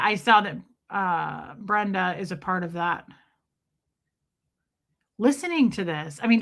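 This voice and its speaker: A woman hosting a livestream, chatty and animated, greeting viewers in chat by name as she comments. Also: medium pitch. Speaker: host, livestreamer.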